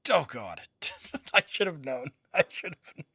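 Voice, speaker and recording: High, lively male streamer. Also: unhurried, breathy edge, dry recording, studio quality. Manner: mock-stern, exasperated, laughing often. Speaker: streamer reviewing viewer game accounts. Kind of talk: live-stream commentary.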